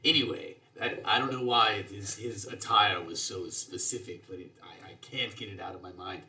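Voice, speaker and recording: Rambling man with a bright voice. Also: on the low side, normal speed. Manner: rambling and hesitant, full of restarts. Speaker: player. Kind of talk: in-character tabletop storytelling.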